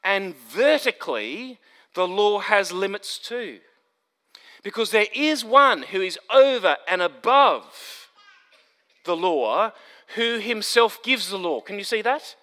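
A man preaching an expository sermon, emphatic, building to stressed points and then dropping low. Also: animated, slow pace, bright, forceful tone. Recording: long hall reverb.

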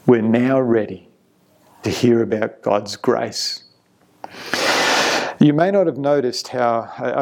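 A man's voice: mid-range voice, gravelly. A man preaching an earnest, emphatic sermon as pastor, often repeating a word as he builds a point.

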